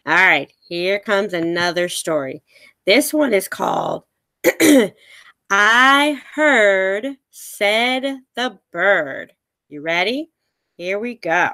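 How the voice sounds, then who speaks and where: A woman reading picture-book stories aloud to children like a teacher, slow, animated and expressive. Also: medium pitch, no echo.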